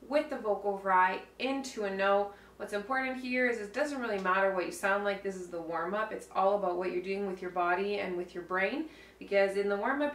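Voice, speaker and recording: A woman vocal coach guiding a vocal warm-up with calm, step-by-step cues. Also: medium pitch. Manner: calm, slow step-by-step cueing. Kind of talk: guided vocal warm-up instruction. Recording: roomy, heard from a distance, faint hum.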